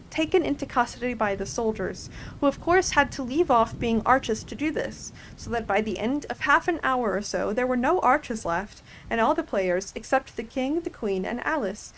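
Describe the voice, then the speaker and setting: Soft-spoken woman reading a storybook. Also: fairly high pitch, lively intonation, moderate pace, hardly any pauses, low-quality recording. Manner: gentle, chatty asides to listeners. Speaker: ASMR reader.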